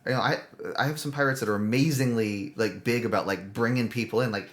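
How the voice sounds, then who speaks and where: A man's voice: medium pitch, fast talker. A man co-hosting a casual podcast chat who thinks aloud in loose, rambling phrases. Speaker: podcast co-host; improv teacher.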